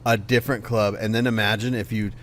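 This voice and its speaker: A man's voice: lowish voice, flat delivery, fairly bright tone, slight background noise. A man hosting a podcast, chatting casually and reacting eagerly to a guest's story. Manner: eager, reacts with quick interjections. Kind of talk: casual chat.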